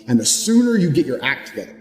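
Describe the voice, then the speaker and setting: A man giving a forceful motivational speech, blunt and profane, hammering each point with total conviction. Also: on the high side, big pitch swings, quick pace. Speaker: motivational speaker. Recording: reverberant hall with background music. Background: music.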